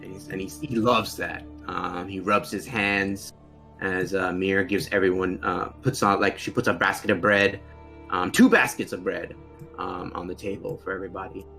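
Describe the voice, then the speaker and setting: A man narrating as game master, with halting, filler-heavy delivery. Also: deep voice, fairly even intonation, vocal fry, bright, forceful tone, soft background music.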